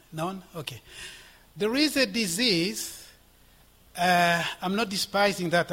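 A man preaching a sermon with passion, swinging from loud exhortation to hushed whispers. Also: a little high.

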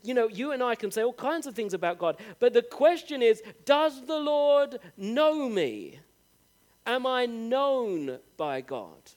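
Speaking earnestly and directly to his congregation, a male preacher with a strikingly high voice delivers a sermon. He stretches out key phrases and raises his pitch to emphasize them.

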